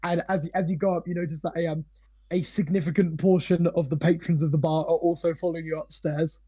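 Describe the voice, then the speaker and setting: A man narrating a tabletop game as game master, rambling with lots of fillers, swearing and frequent laughter, his voice slightly hoarse. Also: on the high side, fairly even intonation, fast talker, dark tone.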